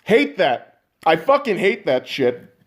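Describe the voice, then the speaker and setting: A male podcast host rants angrily and with lots of profanity, mocking listeners he imagines. He swings from loud outbursts to low mutters, with big pitch swings and a slow pace.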